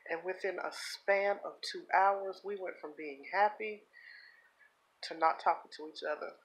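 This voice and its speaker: A woman speaking in a personal confessional vlog, earnest and heartfelt, holding back tears, with halting repeats. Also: lowish voice, fairly even intonation, low-quality recording. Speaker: vlogger.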